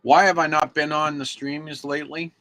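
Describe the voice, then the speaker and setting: A man's voice: a little high, level tone, moderate pace, pushed and bright. An American man giving an angry, emphatic livestream rant into his computer mic, preaching to viewers. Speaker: activist live streamer. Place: indoors at a computer.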